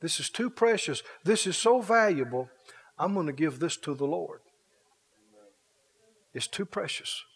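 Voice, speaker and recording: A man voicing a grave, humbled ancient warrior king who speaks in a hushed, reverent way. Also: on the high side, animated, measured pace, pauses often, breathy edge, pitched below the performer's own voice, full character voice.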